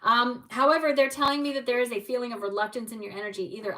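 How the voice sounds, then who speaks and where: A woman's voice: fairly high pitch, fast talker, hardly any pauses, pushed and bright, distant mic, low-quality recording. A woman giving tarot card readings on a livestream, speaking encouragingly and addressing viewers by name.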